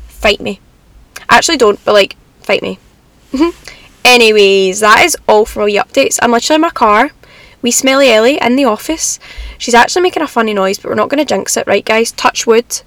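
A woman's voice: fairly high pitch, fairly bright tone, no room sound. A young woman with a Scottish accent, chatting casually to her viewers from her car in a rambling, upbeat way. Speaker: vlogger. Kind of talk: casual chat to camera.

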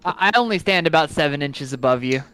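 A man's voice: on the high side, lively intonation, fairly quick, pushed and bright, smooth. A man playing a tabletop game, with a wry, joking delivery. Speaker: player. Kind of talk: casual tabletop play.

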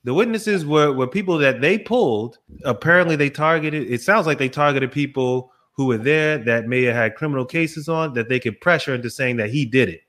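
Male podcast co-host, lively casual talk, mid pitch, quick repetitions. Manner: animated, repeats himself, quotes people in their voices.

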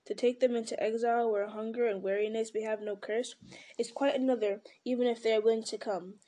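A terse, brooding young hobbit man, as a woman reads him in a storybook. He sounds grave and determined, in a soft, mellow voice pitched a little high. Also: fairly even intonation, a little fast, close to an everyday voice. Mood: resolute. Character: troubled, resolute young male hobbit.

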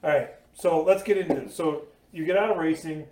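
Male podcast host, rapid and joking, somewhat high voice, distant mic, roomy echo, faint hiss. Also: a little mellow. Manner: quick, joking interjections. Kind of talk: casual interview chat.

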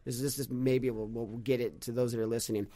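A man talking on a podcast in a mid-range voice. He tells stories in a lively, animated way, repeats himself and restarts sentences, and acts out other people's words. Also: medium pitch, brisk. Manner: animated storyteller with many restarts, acts out quotes. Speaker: podcast guest, business leader. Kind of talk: casual conversational storytelling.

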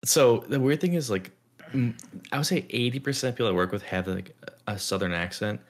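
A young man co-hosting a podcast, chatting casually, rambling with lots of filler words and slipping into animated impressions. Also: mid-range voice, brisk. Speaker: podcast co-host. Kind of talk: casual chat.

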